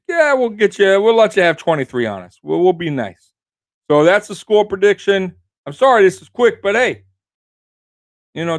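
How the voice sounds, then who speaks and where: Cocky guy ranting his game prediction, kinda high voice, dead dry sound, keeps saying baby. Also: dry recording. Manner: brash trash-talking, keeps tagging lines with "baby"; swings between loud hype and low growly asides. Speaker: sports show host. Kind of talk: fan score prediction rant.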